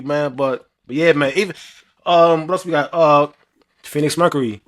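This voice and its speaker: Young New man, podcast co-host, high and bright, animated trash-talker. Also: moderate pace. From New York. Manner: animated, rambling, heavy slang and filler, trash-talking. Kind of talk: casual sports chat.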